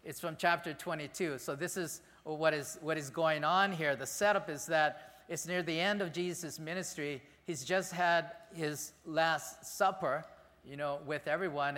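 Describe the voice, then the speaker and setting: A man pastor giving a conversational, animated sermon in a church sanctuary. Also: on the high side, big-room sound.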